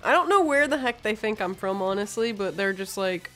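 A woman's voice: medium pitch, animated, a little fast, a bit bright, soft background music. A woman co-hosting a podcast, chatting in a teasing, casual way with lots of fillers. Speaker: podcast co-host. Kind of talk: casual chat.

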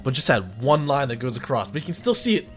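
A man's voice: medium pitch, big pitch swings, quick pace, soft background music. A man hosting a radio show in casual chat, telling stories animatedly with frequent restarts and laughter.

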